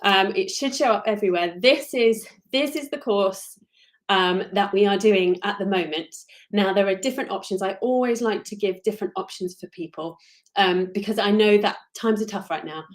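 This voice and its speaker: A British woman hosts a relaxed live stream as a crochet designer. She rambles in a friendly, apologetic way and often trails off mid-thought. Her pitch sits in an ordinary middle range for a woman. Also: moderate pace. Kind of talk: casual live-stream chat.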